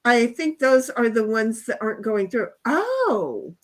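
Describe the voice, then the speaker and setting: A woman with a high voice hosts a relaxed home livestream. She rambles animatedly from one story to the next, reads chat comments aloud and laughs easily. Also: slow. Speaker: livestream host. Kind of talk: casual chat reading out chat comments. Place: home, speaking over a headset.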